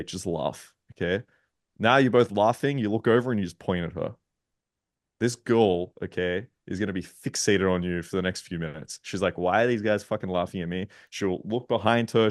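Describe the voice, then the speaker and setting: A man, a dating coach on a panel, explaining his approach bluntly and with lots of swearing. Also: on the low side. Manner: blunt, profane, emphatic. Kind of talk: panel discussion.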